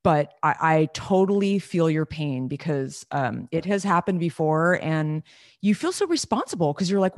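A talkative woman chats casually, sympathetic and full of filler words. Her voice sits very low for a woman. The recording is dry and close. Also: lively intonation, normal speed, a little mellow, no echo. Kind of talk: casual chat.

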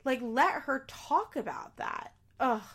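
A woman's voice: high voice, lively intonation, slow, fairly bright tone. Blunt exasperated young woman ranting casually. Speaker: reality TV recapper. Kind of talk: casual opinionated commentary.

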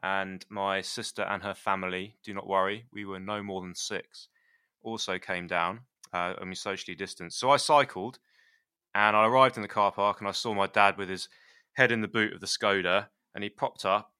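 A man co-hosting a podcast, telling stories in a lively way and laughing often. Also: deep voice, moderate pace, smooth, dry recording, clean studio sound. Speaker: podcast co-host. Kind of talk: casual podcast chat.

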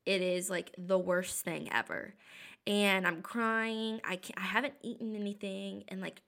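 A woman co-hosting a podcast, telling a funny story in animated bursts with a sore throat. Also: medium pitch, unhurried, vocal fry. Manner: animated storyteller, quoting others in lively bursts. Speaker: podcast co-host. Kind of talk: casual storytelling chat.

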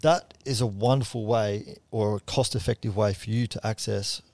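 A man's voice: fairly low pitch, fairly even intonation, moderate pace, darkish tone, no echo. A man, a guest on a podcast, talking in a casual, earnest and plain-spoken way. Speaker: podcast guest, charity co-founder. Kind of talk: casual chat.

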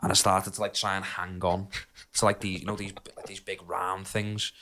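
A young man with a fairly low voice chats casually as a podcast co-host. He rambles through stories full of fillers and keeps laughing as he goes. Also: little pitch movement, normal speed, sharp tone. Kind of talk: casual storytelling chat.

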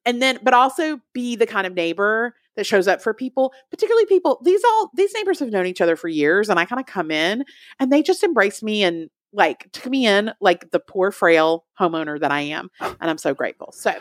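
A young woman co-hosts a podcast in casual chat, telling a story in an animated way and acting out quotes in other people's voices. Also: mid-range voice, a little fast, no room sound, clean studio sound. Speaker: podcast co-host.

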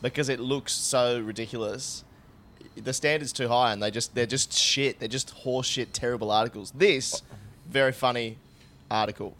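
A young Australian man co-hosting a comedy podcast, crude and excitable, laughing often as he tells stories and plugs shows. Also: mid-range voice, normal speed. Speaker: podcast co-host. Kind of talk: casual comedy podcast chat.

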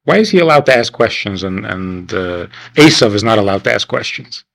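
A man's voice: lowish voice, fairly quick, vocal fry, no echo, low-quality recording. A man teaching a class at a winter camp in a conversational lecture style, asking rhetorical questions and acting out the people he quotes. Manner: animated, acts out the people he quotes.

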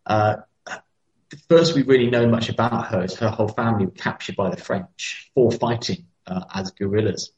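Man, low voice, casual history podcast, hesitant storyteller, muffled lo-fi audio. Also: normal speed, a little mellow. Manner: hesitant, many fillers and restarts, storytelling. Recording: dull lo-fi sound.

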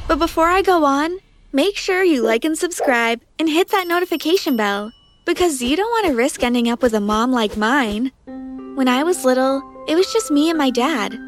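A woman narrating a first-person story in a dramatic, animated way. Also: sits high.

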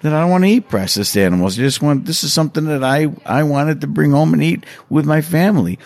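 A middle-aged man being interviewed, telling stories in a casual, animated way and acting out quotes with big jumps in voice. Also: a little high, fast talker, creaky, no room sound. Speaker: hunter and hunting instructor, interview guest.

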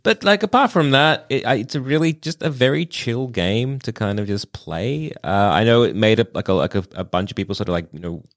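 A man's voice: mid-range voice, lively intonation, a little fast, hardly any pauses. A man in casual conversation about a video game, rambling with many fillers and restarts. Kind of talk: casual gaming chat.

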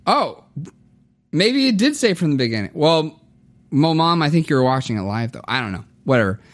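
A man's voice: a little high, big pitch swings, a little fast. A man hosting a church podcast, joking and rambling through announcements and banter. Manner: jokey, rambling. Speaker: podcast host. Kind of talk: casual chat.

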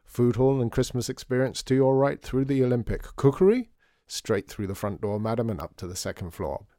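A man's voice: mid-range voice, expressive, brisk, mellow, dry recording, studio quality, lightly acted. A man reading a storybook voices a showy male store manager making a grand announcement.

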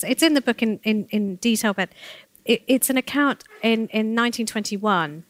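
A woman guest telling a story in conversation, acting out the voices of the people she quotes with big jumps in pitch. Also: fairly bright tone, no echo. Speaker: author guest.

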